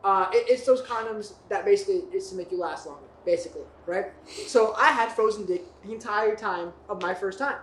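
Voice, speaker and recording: A man's voice: sits high, a little fast, fairly bright tone. A young man telling a long story in casual podcast chat, rambling with lots of restarts and "right?" tags. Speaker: podcast guest. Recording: echoey room with faint noise.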